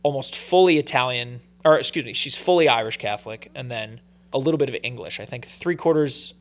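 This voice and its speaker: A man, a pro fighter as a guest, telling stories in a relaxed podcast interview with plenty of fillers and restarts. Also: mid-range voice, fairly quick.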